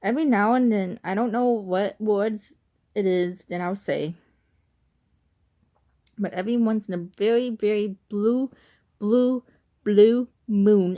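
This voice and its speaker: A woman's voice: medium pitch, warm tone. Young woman, Illinois accent, chatty casual vlogger, rambling and full of fillers. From Illinois, USA.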